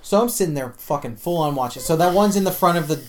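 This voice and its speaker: A man co-hosting a casual podcast, telling a story in an animated, profane way and acting out the quotes. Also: fairly high pitch, quick pace. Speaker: podcast co-host.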